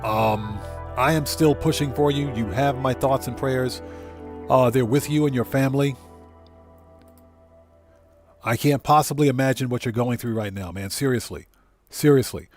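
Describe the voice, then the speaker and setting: Man, gaming livestream host, mid-pitched voice, casual rambling chat, slightly choked up, soft music underneath. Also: normal speed. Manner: relaxed, rambling, greets chat viewers by name.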